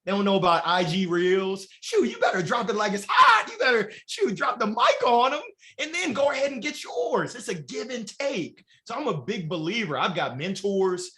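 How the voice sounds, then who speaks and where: Bright, high-energy man giving a motivational talk. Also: normal speed. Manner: energetic, swearing, laughing, animated. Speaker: guest speaker. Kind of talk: motivational talk on a live show.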